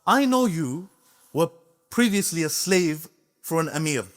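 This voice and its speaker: A man's voice: on the high side, lively intonation, unhurried. A man voicing a defiant elderly scholar who rebukes a sultan in a firm, pointed way.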